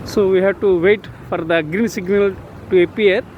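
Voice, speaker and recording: Walking along busy city streets, a man in his sixties records a casual vlog on a handheld phone, the audio narrow and tinny with traffic noise around him. His voice sits high with fairly even intonation, and he talks slowly and haltingly, full of fillers and repetitions.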